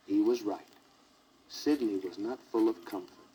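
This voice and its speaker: A man's voice: lowish voice, measured pace, mellow, breathy edge. A man narrating a children's storybook record, with jokey asides to the listener, on a crackly 1960s vinyl record.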